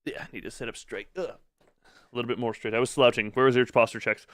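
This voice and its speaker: A man chatting casually to his live-stream audience, animated and quick to laugh. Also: mid-range voice, slight background noise. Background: faint background music.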